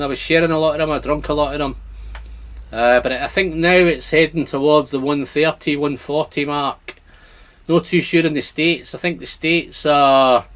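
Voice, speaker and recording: A man's voice: fairly high pitch, a bit bright. A man hosting a casual whisky livestream, chatting and reading out viewer comments. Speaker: whisky channel host.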